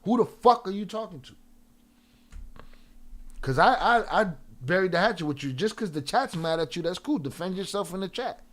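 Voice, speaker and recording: A man with a slightly high voice hosts a livestream. He argues with the chat in a profane, confrontational way and calls out viewers by name. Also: animated, moderate pace, fairly bright tone. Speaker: livestream reaction host.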